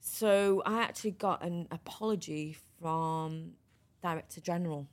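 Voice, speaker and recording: Lively, frank woman guest telling stories. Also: lowish voice, unhurried. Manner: lively, frank, runs sentences together with restarts. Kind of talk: conversational storytelling interview.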